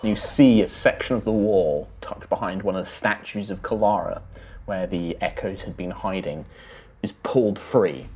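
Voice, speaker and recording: A man narrating as game master, halting, with many ums and restarts. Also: sits low, a little mellow, a little hiss or hum.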